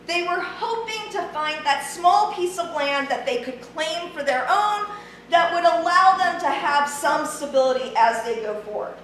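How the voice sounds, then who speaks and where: High-voiced woman lecturing in an echoey hall. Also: expressive, measured pace, a bit bright. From Ohio, USA. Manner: friendly, conversational, many ums. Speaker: history lecturer. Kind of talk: public lecture. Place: large church hall. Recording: very echoey hall, distant mic, faint noise.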